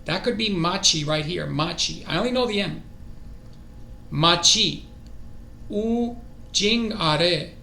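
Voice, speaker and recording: A man streaming his own language study, excitable and thinking aloud as he goes. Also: high-pitched, normal speed, gravelly, pauses often, roomy sound, slight background noise. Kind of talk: casual self-study stream.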